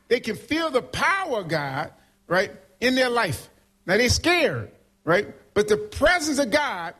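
Husky high-voiced male preacher. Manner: call-and-response, keeps asking "right?"; animated, swings between loud and soft. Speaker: pastor. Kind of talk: preaching a sermon.

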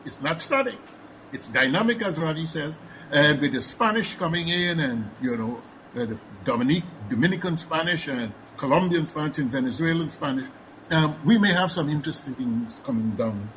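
A man's voice: mid-range voice, a bit bright, slight background noise, poor audio. A man with a Guyanese accent, a panelist speaking thoughtfully with many fillers and restarts. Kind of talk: panel discussion.

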